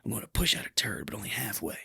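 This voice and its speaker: A man putting on a creepy male college classmate in a hushed, whispered role-play. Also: lowish voice, big pitch swings, rapid-fire, gravelly, slightly rough, no room sound, clean studio sound, exaggerated voice.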